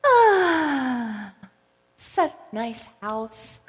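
A woman's voice: high-pitched, lively intonation, a little slow, sharp tone, heavily acted. A woman playing an overbearing, scolding mom. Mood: indignant scolding. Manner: scolding, indignant, comically dramatic. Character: overbearing, self-satisfied middle-aged mom. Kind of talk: comedic church skit. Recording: long hall reverb.

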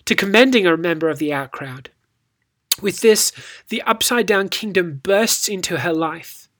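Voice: medium pitch, a bit bright. Teacher telling a story. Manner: storytelling, rhetorical, reads scripture with acted inflection. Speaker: Bible teacher. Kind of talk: scripted Bible devotional talk.

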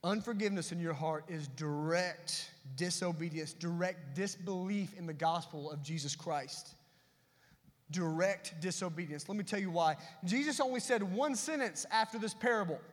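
A man preaching with a high, bright voice that rings out in a long hall reverb. He moves between emphatic, loud passages and hushed asides, as a pastor delivering a sermon from a church sanctuary. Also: moderate pace.

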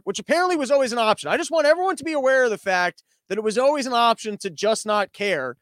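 A man's voice: very high-pitched, animated, quick pace, few pauses, a bit bright, no echo. A man hosting a comedic news show from his living room, ranting sarcastically with lots of swearing and exasperated rhetorical questions.

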